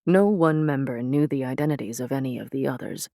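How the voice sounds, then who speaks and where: A man reading scripted narration in a steady, deliberate storytelling voice. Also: mid-range voice, creaky, dry recording, clean studio sound.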